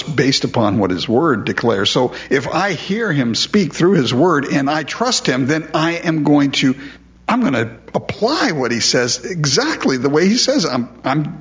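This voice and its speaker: A man's voice: fairly high pitch, very animated, unhurried, muffled recording. A man preaching a sermon in a conversational way, asking his listeners questions and repeating words as he goes. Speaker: pastor.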